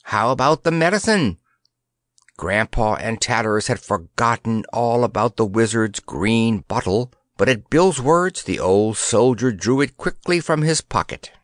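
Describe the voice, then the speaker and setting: Male storybook narrator; expressive, unhurried, animated delivery. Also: on the low side, no echo, clean studio sound. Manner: expressive, measured. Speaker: audiobook narrator. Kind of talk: scripted audiobook narration.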